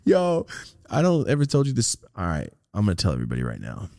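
A man co-hosting a podcast, telling stories in a casual, profane, animated way, jumping into loud high-pitched outbursts when he quotes people. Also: fast, gravelly, no room sound, clean studio sound. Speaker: podcast co-host.

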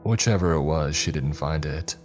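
Deep guy telling a creepy story, calm and dry, faint music under it. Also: normal speed. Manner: calm first-person storytelling, dry asides. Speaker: horror story narrator. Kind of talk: scripted narration.

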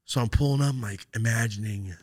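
A man hosting a podcast, telling a story in casual chat, animated and profane with loud outbursts. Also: lowish voice, fairly quick, dry recording, studio quality. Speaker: podcast host.

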